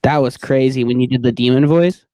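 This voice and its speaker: A man with an everyday mid-pitched voice cracks crude jokes in relaxed podcast chat. His voice sounds dry and close, with no room around it. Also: a little fast, no echo. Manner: joking, crude banter. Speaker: podcast host.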